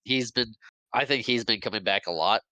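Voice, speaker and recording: Male podcast co-host, chatty animated recap, bright clear voice, dry sound. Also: lowish voice, normal speed, no echo, poor audio. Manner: chatty, animated retelling with acted quotes. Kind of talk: casual film recap.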